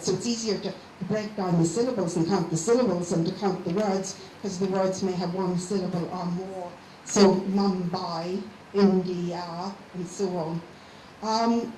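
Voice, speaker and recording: A woman lecturing to a class of teachers. She explains patiently and slows down to sound out the parts of words. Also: mid-range voice, mellow. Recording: echoey room with faint hiss.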